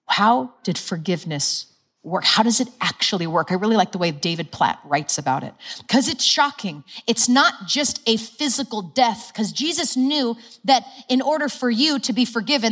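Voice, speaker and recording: A woman's voice: on the high side, a bit bright, breathy edge. A woman preaching a sermon in a church, earnest, asking the crowd questions and laughing at her own slips.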